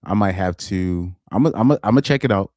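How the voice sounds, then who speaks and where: A man's voice: sits low, animated, quick pace, darkish tone, no room sound, studio quality. A man casually commenting on a live stream, rambling and repeating himself. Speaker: live streamer reacting to videos.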